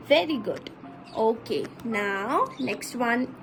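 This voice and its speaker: A woman teacher giving an online lesson to small children, slowly spelling out words letter by letter and having them repeat. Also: sits high, sing-song, fairly bright tone, soft background music, poor audio. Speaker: nursery school teacher.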